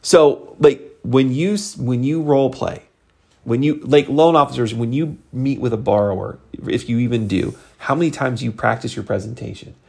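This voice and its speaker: A middle-aged man giving a motivational talk to his sales team, conversational and animated, leaping up in pitch for emphasis. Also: moderate pace, gravelly, slightly rough. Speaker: sales team leader and coach.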